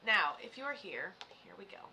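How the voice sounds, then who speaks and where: A woman's voice: medium pitch, very animated, normal speed, gravelly, sharp tone, a little hiss or hum. A woman from Florida, a medium live-streaming in a casual, chatty way, swearing now and then and talking straight to viewers. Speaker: psychic medium livestreamer.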